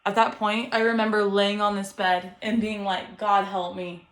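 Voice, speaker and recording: A woman's voice: mid-range voice, little pitch movement, normal speed. A young woman, a first-time mother, talking earnestly and encouragingly to camera at home, often laughing. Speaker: vlogger, first-time mom. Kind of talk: heartfelt vlog talk to camera. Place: home bedroom with ring light.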